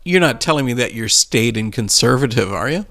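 Gravelly-voiced male interviewer. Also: mid-range voice, lively intonation, a little fast, sharp tone. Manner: brief, conversational prompts. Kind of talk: interview questions.

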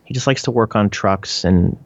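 A Canadian man talks through interview answers in a low, easygoing voice, full of fillers and restarts. The recording is dry and a bit muffled, with no room sound. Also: moderate pace, no echo. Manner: rambling, frequent "like" and restarts, laughs often. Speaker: band member, interviewee.

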